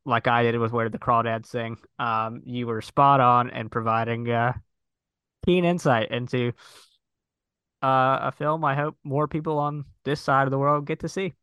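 A man's voice: medium pitch, fairly even intonation, moderate pace, bright, forceful tone, smooth, dry recording. A man co-hosting a casual film podcast, enthusiastic and jokey, often stammering and restarting his sentences. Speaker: podcast co-host. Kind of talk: casual conversational film review.

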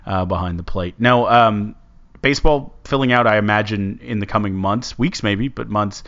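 A man with a fairly low voice hosts a casual sports talk show. His delivery rambles and halts as he works through his thoughts. The recording sounds dull and lo-fi. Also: normal speed, a bit bright. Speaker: sports podcast host.

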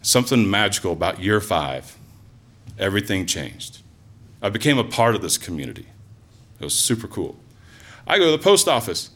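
A man telling a personal story live to an audience, in an animated, conversational way with lots of asides and fillers. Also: lowish voice, normal speed, long pauses. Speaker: storyteller, former teacher.

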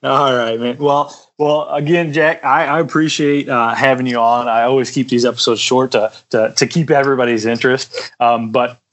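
A man hosting a podcast in casual chat, halting, repeating words, and laughing often. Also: mid-range voice, fairly even intonation, fairly bright tone, low-quality recording. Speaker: podcast host.

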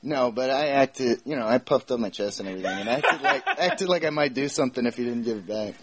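A man appearing as a podcast guest, telling relaxed anecdotes in casual chat and laughing often. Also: medium pitch, fast, heavy background noise. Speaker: guest screenwriter.

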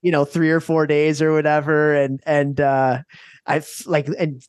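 A man in his thirties co-hosting a podcast, chatty and quick to laugh in casual talk. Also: on the high side, little pitch movement, clean tone, no room sound, clean studio sound. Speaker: podcast co-host. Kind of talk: casual chat.

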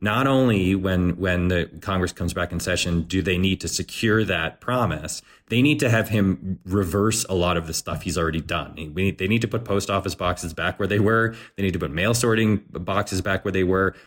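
A man speaking as a guest on a political podcast, animated, acting out quoted voices, with frequent restarts. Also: deep voice, normal speed, few pauses.

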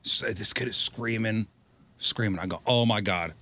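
A man's voice: fairly low pitch, normal speed. A man telling a story in casual chat on a podcast, acting out the lines he quotes. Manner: animated storyteller, acts out quotes. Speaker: podcast co-host.

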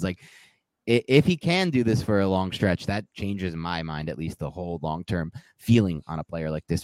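A man's voice: deep voice, darkish tone, dry recording. Rambling man on a sports podcast. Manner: rambling, self-correcting, laughs at himself. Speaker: podcast co-host. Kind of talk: casual sports podcast analysis.

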